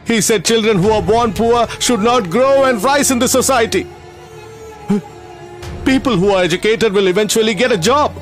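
An actor dubbing a gentle, caring male teacher who talks in an emotional, pleading way. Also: high-pitched, normal speed, faint music behind, natural voice. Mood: bitter. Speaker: teacher running a school for poor children. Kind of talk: dubbed film acting.

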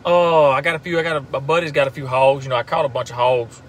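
A man's voice: medium pitch, steady tone, fast, a little hiss or hum. A man with a Southern US accent chatting casually on a live stream about hunting, in a laid-back drawl full of fillers and laughs. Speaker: turkey hunter and call maker, social media host.

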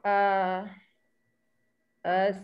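A woman's voice: medium pitch, completely flat delivery, highs cut off. A woman presenting a chapter to an online class, hesitant and full of fillers, over video call audio. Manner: hesitant, many fillers, slow. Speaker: student presenter.

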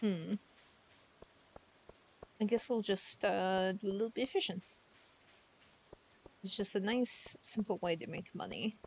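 A woman's voice: mid-range voice, measured pace, long pauses, husky. A woman streamer chatting casually over gameplay, giggling and talking to the game's characters from a room at home.

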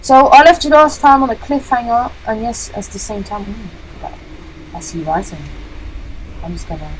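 A woman hosting a gaming channel, giving jokey, excitable let's-play commentary, yelling and chanting at the game as she plays. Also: a little high, moderate pace, a little hiss or hum, low-quality recording. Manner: jokey, self-mocking.

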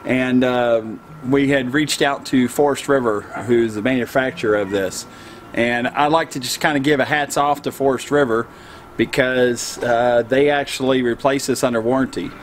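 A man's voice: mid-range voice, fairly even intonation, normal speed, slight background noise. Easygoing man, filler-heavy chat. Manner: easygoing, hesitant with many fillers. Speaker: vlog co-host. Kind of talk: casual how-to chat.

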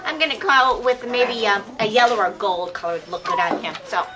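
A woman's voice: a little high, lively intonation, a little fast. A woman presenting shelter dogs for local TV, out of breath as she handles them, coaxing them and laughing between lines. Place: outdoors by a fence with dogs. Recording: noisy local TV recording.

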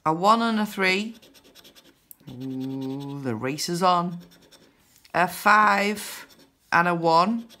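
A woman hosting a scratchcard video, counting numbers aloud in casual narration with bursts of excited whoops. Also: lowish voice, extremely slow, pauses often. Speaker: scratchcard channel host.

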